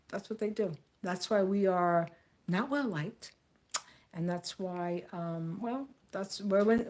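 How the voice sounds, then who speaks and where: A woman's voice: medium pitch, darkish tone. An American woman talking straight to camera in a blunt, outspoken rant, repeating phrases for emphasis. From United States. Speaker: vlogger.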